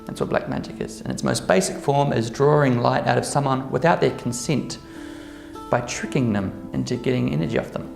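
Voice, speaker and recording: This workshop presenter speaks fairly quickly at medium pitch, his voice creaky yet a little mellow. He keeps his casual talk to a live group conversational, tossing in frequent "okay?" and "right?" asides, and the roomy recording carries faint background music.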